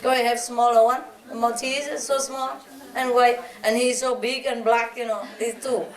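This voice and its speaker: A woman's voice: fairly high pitch, little pitch movement, moderate pace. A woman telling casual stories to a gathering in a playful, fond way, often breaking into chuckles. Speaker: spiritual teacher speaking to a gathering. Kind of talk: casual anecdotal talk to an audience. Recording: roomy hall, distant mic, audience laughter. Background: audience laughter.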